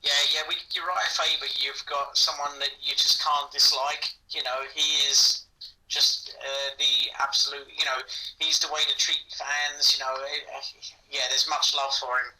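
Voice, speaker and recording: Bright man heard from off-mic. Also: fairly high pitch, little pitch movement, a little slow. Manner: enthusiastic, filler-heavy. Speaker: podcast guest. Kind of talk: casual sports chat. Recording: distant from the mic.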